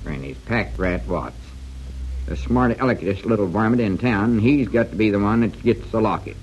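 An actor playing a blustery, self-pitying country storekeeper, in 1940s radio comedy acting. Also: male voice, on the low side, normal speed, darkish tone, slightly rough. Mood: aggrieved. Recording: lo-fi old radio recording.

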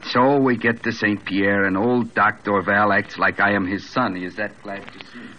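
An actor plays a hard-bitten small-time gangster in a vintage radio play, his voice low, curt and deadpan, full of slang. The old broadcast is muffled, with a faint hiss underneath. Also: normal speed, lightly acted. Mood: gruff. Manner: slangy tough-guy talk, curt and deadpan. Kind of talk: 1940s radio acting.

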